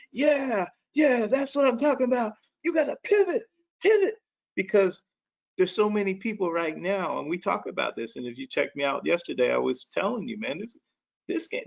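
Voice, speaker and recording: A man with a gravelly, fry-edged voice hosts a business webinar in a folksy, fired-up manner. He comes through a dull, lo-fi video call. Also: medium pitch. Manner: folksy and animated, calls listeners "man" and "baby". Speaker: webinar host. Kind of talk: energetic motivational talk.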